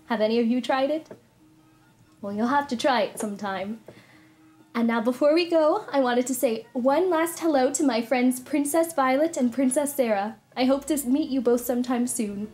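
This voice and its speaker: A woman's voice: high voice, moderate pace, darkish tone, soft background music, lightly acted. A young woman playing a kind storybook princess, telling a story and teaching children in a sweet, cheerful, teacherly way. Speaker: party character performer.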